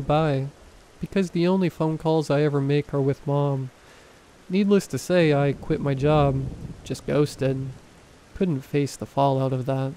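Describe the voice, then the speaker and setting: A man reading horror stories aloud in a calm, even scripted narration. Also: on the high side, slight background noise, rough recording.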